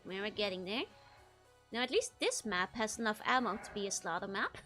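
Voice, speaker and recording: A woman's voice: medium pitch, lively intonation, fairly quick, bright, forceful tone, faint music behind. A young woman with a Dutch accent, chatting casually while streaming a game and laughing often between sentences. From Netherlands. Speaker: VTuber streamer. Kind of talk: casual gameplay chat with chat readers.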